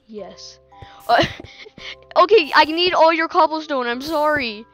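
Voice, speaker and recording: A high-pitched woman narrating her own gameplay in a slow, unhurried way, chatting to herself and laughing often. Faint game music plays softly behind her. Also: lively intonation. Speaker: gaming channel host. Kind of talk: casual gameplay commentary.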